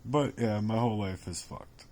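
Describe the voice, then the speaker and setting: A man's voice: on the low side, darkish tone. A man talking in a rambling personal monologue, exhausted, bitter and sarcastic, swearing often and repeating himself. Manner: repetitive, halting phrasing. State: exhausted and worn down. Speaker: vlogger.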